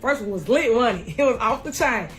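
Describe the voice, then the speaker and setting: A woman addresses her viewers directly as a podcast host and local official, her voice pitched high. She speaks slowly and deliberately, drawing out her words in a defiant tone. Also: expressive, a loud crowd. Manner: slow, drawn-out, defiant. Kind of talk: direct-to-camera video address.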